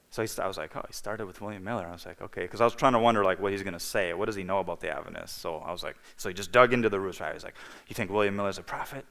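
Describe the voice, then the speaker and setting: Low-voiced man telling a story in a reverberant hall. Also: gravelly, a bit bright. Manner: storytelling, acting out dialogue, frequent "okay?" and "you know". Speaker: guest speaker. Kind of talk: personal testimony in a sermon. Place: church hall. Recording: livestream with long hall reverb.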